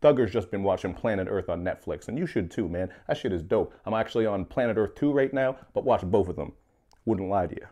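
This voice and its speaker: A young man giving a casual rant review of a mixtape, joking and swearing with animated asides. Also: fairly low pitch, a little fast. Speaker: music reviewer.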